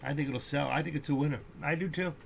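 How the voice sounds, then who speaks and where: A man giving casual, rambling live-stream commentary on stock trades, joking and breaking into excitable outbursts. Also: a little high, fast talker, gravelly, slightly rough, lo-fi sound. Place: indoors at home, seated.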